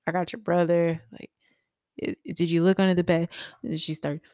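A woman in her thirties, co-hosting a casual chat, who laughs often and acts out what people said with big jumps in pitch. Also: level tone, normal speed, mellow, clear, resonant tone, no echo, clean studio sound. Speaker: podcast co-host.

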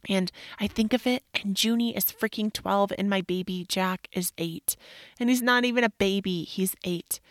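A woman's voice: mid-range voice, normal speed, no room sound, clean studio sound. A woman in her thirties hosting a casual solo podcast, talking candidly and rambling, sometimes dropping into whispers and swearing. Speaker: podcast host.

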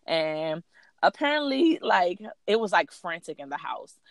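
A woman in her thirties co-hosting a podcast, telling a long story in an animated, profane way with plenty of fillers. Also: fairly low pitch, measured pace, no room sound, studio quality. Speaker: podcast co-host. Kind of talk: casual storytelling chat.

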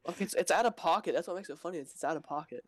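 Young man, slightly high, jokey. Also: no room sound. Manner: jokey, quick asides and puns. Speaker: podcast co-host. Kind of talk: casual chat.

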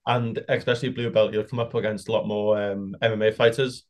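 A man's voice: fairly low pitch, level tone, fairly quick. A man co-hosting a podcast, talking in an easygoing casual way with the odd swear. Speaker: podcast co-host. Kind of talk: casual chat.

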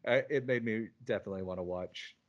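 A man's voice: lowish voice, quick pace, lo-fi sound. A man co-hosting a podcast in casual chat, laughing often and retelling scenes with animation. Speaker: podcast co-host.

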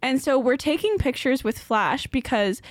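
A woman's voice: high-pitched, expressive, moderate pace, dry recording, studio quality. A young woman co-hosting a podcast, telling a ghost story in a rambling, casual way with lots of fillers and laughter. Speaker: podcast co-host.

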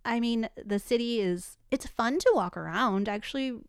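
A woman's voice: fairly high pitch, moderate pace, smooth, dry recording, clean studio sound. A woman co-hosting a podcast, chatting candidly and giggling often. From United States. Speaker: podcast co-host. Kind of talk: casual chat. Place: Scottsdale, Arizona.

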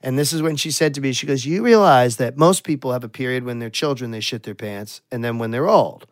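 A man's voice: mid-range voice, fairly quick, no echo, clean studio sound. A man telling a crude story in casual podcast chat, swearing a lot and laughing as he goes.

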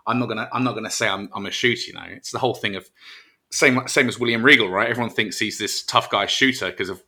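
An English man with a low-pitched voice that still sounds bright and forceful. He talks casually on a podcast in a relaxed, self-mocking way, rambling through fillers and restarts. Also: quick pace. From England. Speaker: professional wrestler, guest.

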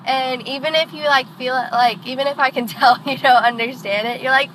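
Young woman teasing her dad in the car, giggly, sharp bright voice, bit of road hum. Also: high voice, steady tone, a little fast, few pauses, rough recording. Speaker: daughter and podcast guest. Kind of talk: casual chat in a car. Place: in a moving car. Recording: faint road noise from the car.

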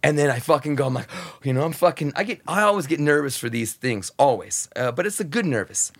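A man's voice: on the high side, fast, creaky. A man who hosts satellite radio, a guest on a podcast, telling stories in a casual, profane way and acting out the voices of crowds and crews. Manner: animated, profane, acts out crowd and crew voices. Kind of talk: casual storytelling interview.

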